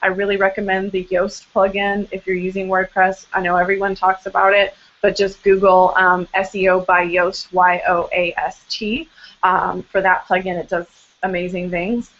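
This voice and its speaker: A woman's voice: medium pitch, little pitch movement, normal speed, a bit bright. Young adult woman, blog coach, live video-call Q&A, chatty, upbeat, lots of ums, muffled sound. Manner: chatty and upbeat, many "um"s and self-deprecating asides. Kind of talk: casual live webinar advice. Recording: slightly dull, muffled video-call audio.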